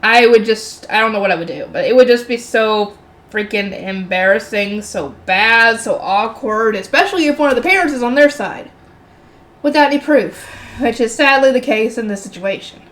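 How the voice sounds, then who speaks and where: A woman's voice: on the high side, moderate pace, a bit bright. A woman reading a novel aloud as a channel host, breaking off for chatty, exasperated asides. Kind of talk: reading aloud with casual commentary.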